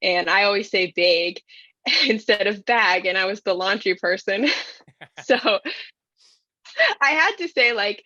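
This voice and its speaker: A woman from the Upper Midwest with a Yooper accent, a veteran guest talking casually in a podcast interview, friendly and quick to laugh. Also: medium pitch, animated, sharp tone, dry recording, highs cut off. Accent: Upper Midwest American (Yooper). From Upper Michigan and Wisconsin, USA.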